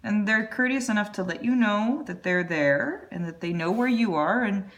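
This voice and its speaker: A woman hosting a live drawing stream, chatting in a rambling way with quick asides. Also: mid-range voice. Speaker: artist and live stream host. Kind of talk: casual chat while drawing. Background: faint music.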